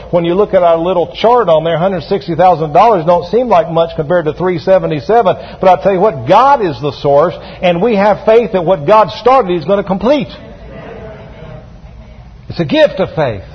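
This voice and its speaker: Husky-voiced pastor preaching in a church. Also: male voice, high-pitched. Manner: preaching with call-and-response to the congregation. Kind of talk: sermon. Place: church sanctuary. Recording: dull sound with long hall reverb.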